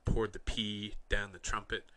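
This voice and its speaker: A young man from Canada hosting a podcast, telling wry, rambling anecdotes in a deadpan way. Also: on the low side, unhurried. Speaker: podcast host. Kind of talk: casual storytelling.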